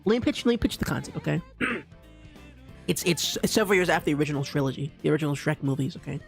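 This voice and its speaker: Young man, live streamer, rambling, stammering, slightly high voice, faint music behind. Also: lively intonation, fast talker, gravelly. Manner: rambling, stammering, frequent restarts and repeats. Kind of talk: casual live-stream commentary.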